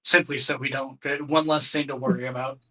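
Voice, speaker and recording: A man's voice: medium pitch, little pitch movement, fairly quick, pushed and bright, rough recording. A man playing a tabletop game, easygoing and planning his moves aloud with small restarts. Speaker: player. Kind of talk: casual tabletop game play.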